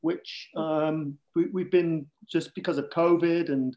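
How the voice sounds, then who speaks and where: A man with a lively Manchester accent. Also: a little high, slow, lo-fi sound. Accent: Northern English, Manchester. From Northern England. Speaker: podcast co-host, guest. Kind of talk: casual radio chat.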